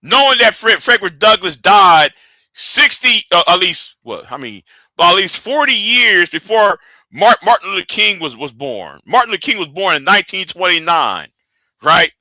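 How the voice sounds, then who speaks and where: A man's voice: high voice, big pitch swings, normal speed, bright, forceful tone, no room sound. A man hosting a live stream, ranting and arguing, often stumbling and repeating his words as he restarts sentences.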